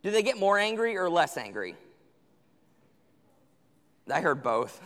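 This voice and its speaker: A man's voice: high voice, big pitch swings, measured pace, a bit bright. Young man preaching in a reverberant hall. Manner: conversational, acts out parent and teen quotes. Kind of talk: sermon to teens.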